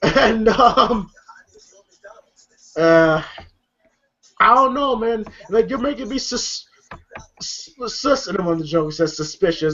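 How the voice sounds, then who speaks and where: A man's voice: sits high, animated, takes it slowly, pauses often, a bit bright, muffled recording. A man casually recapping a comedy movie, rambling with lots of fillers and frequent laughter. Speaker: movie reviewer.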